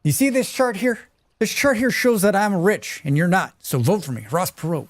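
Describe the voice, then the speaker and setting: A man's voice: high-pitched, normal speed, no room sound, voice pushed up, close to an everyday voice. A man doing a comic impression of a whiny older male Texan billionaire politician with a Texan accent. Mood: whiny indignant. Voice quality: whiny, nasal. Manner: interrupting, indignant. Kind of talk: comic impression on a game stream.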